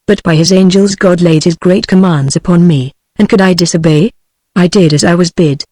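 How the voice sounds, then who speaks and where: A gentle young warrior maiden, read by a text-to-speech voice at a medium pitch. The reading stays even and plain, with no change of voice for her. The sound is dry and close. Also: normal speed, dry recording, close to an everyday voice. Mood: earnest. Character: young peasant woman turned gentle warrior.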